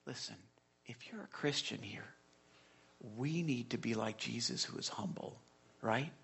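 Male pastor, sermon delivery, gravelly and raspy, chatty with hushed asides and loud swells. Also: medium pitch, a little slow. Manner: conversational, repeats words, drops to a whisper and swells loud.

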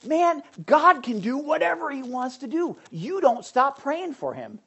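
A woman preaching a sermon in an animated, conversational way, full of emphatic asides to the congregation. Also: high-pitched, unhurried, vocal fry, lo-fi sound.

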